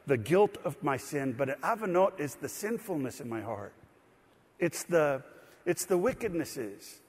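A man's voice: a little high, slightly rough. A man preaching a sermon as pastor, explaining scripture in a plain, conversational way. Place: church sanctuary. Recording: long hall reverb.

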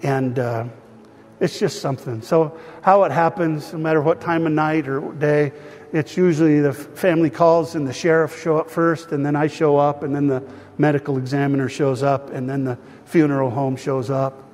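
A man's voice: on the high side, steady tone, moderate pace, darkish tone. A man preaching and praying as pastor, earnest and still emotional, speaking of grief and peace. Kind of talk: sermon with prayer. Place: church hall. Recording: long hall reverb.

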